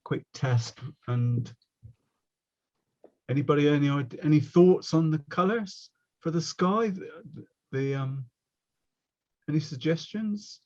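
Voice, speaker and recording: A man's voice: on the high side, takes it slowly, long pauses, a little mellow, muffled recording. A man with a West Country accent teaching a watercolour workshop over a video call, chatty and rambling, often breaking off to mock himself. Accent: West Country English. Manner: rambling, chatty, self-mocking. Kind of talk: casual online workshop teaching.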